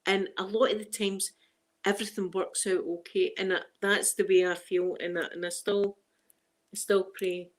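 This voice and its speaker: A woman's voice: mid-range voice, level tone, moderate pace. Middle-aged glasgow woman chatting away to her viewers, laughs a lot, broad scots. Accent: Glaswegian. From Scotland. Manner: chatty, laughs often, strong Scots phrasing. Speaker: ASMR livestream host. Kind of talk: casual chat with viewers.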